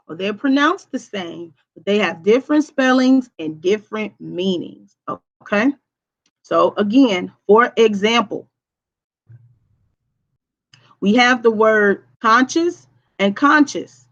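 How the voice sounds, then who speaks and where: A woman teacher giving a recorded online lesson. She has a projecting voice and speaks deliberately, checking in with "okay?" after each point. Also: medium pitch, expressive, a bit bright, dull audio. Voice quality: voice projects strongly.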